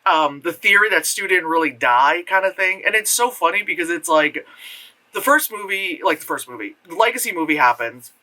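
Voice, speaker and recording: Vlogger reviewing a film off the cuff; bright, lively delivery, loose and profane. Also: a little fast. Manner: rambling, loose and profane, full of fillers; animated, jumps into high voices for retold reactions. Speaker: movie reviewer. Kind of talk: casual spoken film review.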